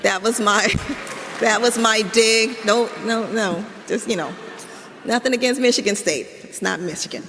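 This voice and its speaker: A woman professor lectures to an audience in a large hall, and her voice has a gravelly fry. She tells a scene in the second person, with long reverb trailing her words. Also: on the high side, a little slow, a bit bright, slight background noise. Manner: vivid second-person storytelling. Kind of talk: public lecture.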